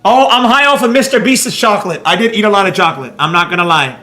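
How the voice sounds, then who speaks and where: A man's voice: high voice, expressive, quick pace, hardly any pauses, pushed and bright, roomy sound. A man teaching a live trading class in a brash, mocking, rambling way, with faint music behind. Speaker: trading instructor.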